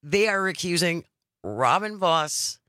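A man co-hosting talk radio in a slightly high, lively voice that swings a lot in pitch. His tone is bright and crisp, close and dry on the studio mic, with a wry, animated delivery. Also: slow pace, no room sound. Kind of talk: radio talk and show segue. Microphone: studio microphone.

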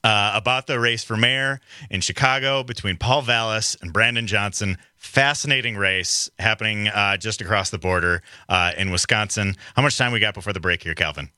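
A man hosting a radio talk show, loose and joking, with a halting delivery. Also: on the low side, sharp tone, dry recording, studio quality.

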